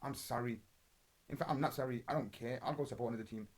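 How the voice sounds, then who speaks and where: A young man talks fast and in a husky voice as he rattles through match reactions. His football banter is blunt and rambling, heavy with slang and swearing. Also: mid-range voice. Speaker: podcast host. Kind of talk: casual football watch-along commentary.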